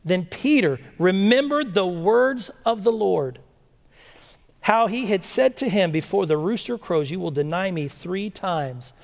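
A male preacher with a high, very lively voice that swoops up and down as he reads scripture and questions his listeners. His words ring out with a long echo, as in a large hall. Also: vocal fry. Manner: animated, rhetorical questions, dramatic slow readings. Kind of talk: sermon reading and explaining scripture.

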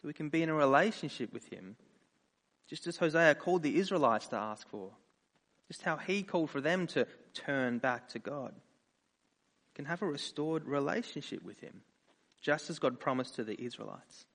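A man preaching a sermon, earnest in his appeals and animated when he tells personal stories. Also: on the high side, moderate pace, gravelly. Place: church. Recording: reverberant church hall.

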